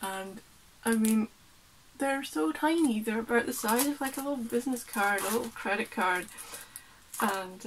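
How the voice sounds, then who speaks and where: A woman's voice: on the high side, moderate pace, noisy background. A woman artist chatting casually and rambling as she unpacks her work, laughing often. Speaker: artist vlogger. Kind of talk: casual chat while unpacking.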